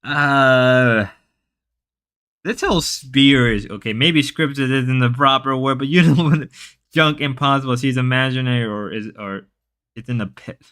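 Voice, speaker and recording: A man's voice: mid-range voice, unhurried, fairly bright tone, clean tone. A man hosting a casual livestream who rambles on, reads chat messages aloud and stumbles over frequent restarts.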